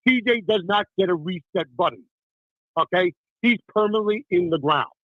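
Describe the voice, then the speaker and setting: Over a tinny phone line, a middle-aged man calls in to an emotional talk segment, upset and impassioned, repeatedly saying "listen" and "okay." His voice is high-pitched and his pace normal, and the recording itself is dry.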